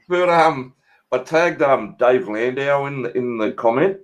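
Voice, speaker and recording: A man in casual chat, telling an animated story with stammers and frequent laughter. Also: mid-range voice, slow, low-quality recording.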